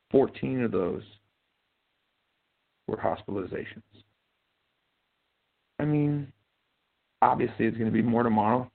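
A man's voice: lowish voice, gravelly, husky. A man hosting a casual live show, telling rambling, profane, joking stories. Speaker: host. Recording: tinny phone-like sound.

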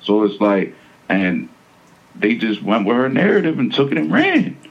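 A man's voice: mid-range voice, very animated, normal speed, slightly rough, dull audio. A man being interviewed, talking casually and emphatically, with slang and many repeats. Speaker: interviewee, defendant. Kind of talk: casual interview over a phone line.

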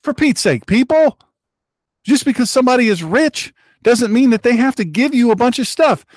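A man's voice: expressive, normal speed, no room sound. A man hosting his own broadcast, giving emphatic political commentary with heated repetition. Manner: heated and emphatic, with sharp pitch jumps and repetition. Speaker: host of an online broadcast.

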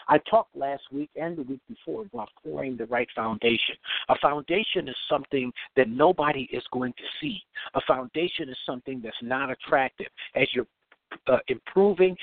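A man hosting a motivational podcast, speaking emphatically and repeating key phrases slowly so listeners can take notes. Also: a little high, gravelly, dry recording. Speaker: podcast host and self-improvement speaker. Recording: tinny phone-like recording.

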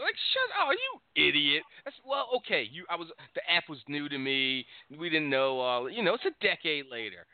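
A man co-hosts a casual call-in show, ranting with profanity and bursts of laughter. His pitch leaps around as he talks. The sound is tinny and narrow like a phone line, and dry with no room echo. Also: sing-song, moderate pace, smooth. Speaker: podcast co-host.

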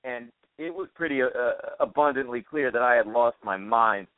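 A man's voice: mid-range voice, moderate pace, no room sound. An American man hosting a casual chat by phone, swearing freely and adding wry asides. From United States. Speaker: podcast host. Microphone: phone call. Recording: dry, tinny phone line.

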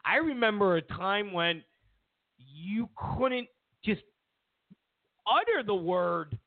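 A man delivers opinionated political commentary in a sarcastic, needling way and hammers his points by repeating them. His voice sits high and swings widely, with a gravelly fry in it. The sound is dry and thin, like a phone line. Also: big pitch swings, slow, dry recording. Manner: sarcastic, mocks media with exaggerated quotes; repeats himself for emphasis. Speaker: political talk show host.

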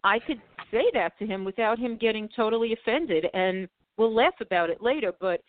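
A woman's voice: a little high, moderate pace. A woman guest in a casual chat, reflective and agreeable as she talks about her relationship. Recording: dry tinny phone line.

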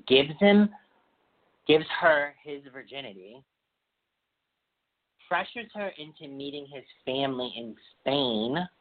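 A woman hosting a podcast, chatting casually and animatedly with strong opinions and gossipy storytelling. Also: low voice. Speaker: podcast host. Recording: tinny phone-like sound.

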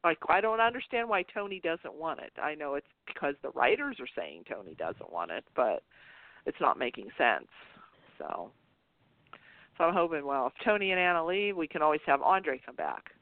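This show host has a deep, expressive voice and talks at normal speed in a relaxed internet radio chat about soap operas. She rambles, laughing and starting over now and then, and the recording is a dry, tinny phone line.

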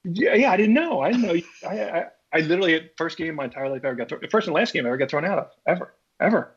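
A man from Philadelphia, a former baseball pitcher, telling a story in a casual chat and acting out his own reactions. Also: expressive, racing, slightly rough. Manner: acts out his own past reactions, many restarts. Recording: dull lo-fi podcast audio.

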